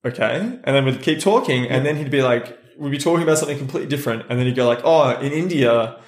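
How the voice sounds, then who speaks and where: A man's voice: mid-range voice, rapid-fire. Blunt, swearing male podcast co-host. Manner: animated, blunt, swears casually. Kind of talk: casual chat, storytelling. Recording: roomy echo.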